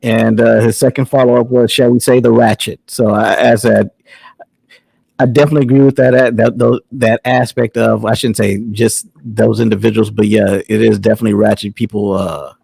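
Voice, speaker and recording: Gravelly, husky-voiced male show host. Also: on the low side, little pitch movement, darkish tone, dry recording, rough recording. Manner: measured, reads viewer chats aloud. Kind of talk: casual live-stream chat.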